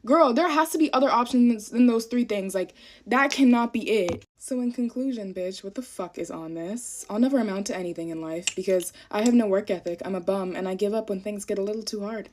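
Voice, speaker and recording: A woman's voice: medium pitch, fairly quick, a little mellow, a little hiss or hum. A young woman, a college student, in a profane, self-deprecating rant to camera while getting ready. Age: young adult.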